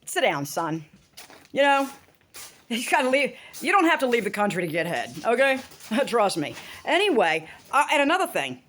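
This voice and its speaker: A woman's voice: fairly high pitch, normal speed. A middle-aged woman from the United States ranting casually to camera, swearing freely. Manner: animated, swearing, talks to her dogs in between. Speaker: vlogger.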